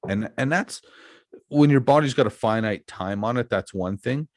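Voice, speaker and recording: A man's voice: medium pitch, moderate pace, darkish tone, dry recording, studio quality. A middle-aged man hosting a podcast, chatting candidly and telling reflective stories about his past work. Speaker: podcast host. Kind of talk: casual podcast chat.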